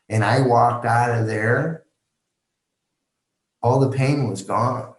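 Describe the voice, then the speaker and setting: Man, slow halting storyteller, low voice, echoey room. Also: darkish tone. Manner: slow, halting retelling with restarts and quoted dialogue. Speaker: podcast guest. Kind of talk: emotional personal storytelling.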